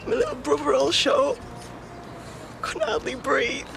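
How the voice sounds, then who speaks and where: Young grieving sister: high, gravelly, halting; noisy TV drama soundtrack. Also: female voice, sing-song, exaggerated voice. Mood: upset. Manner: halting, upset and self-reproaching. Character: grieving young woman, sister of a murdered boy. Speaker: witness. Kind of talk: TV police drama acting.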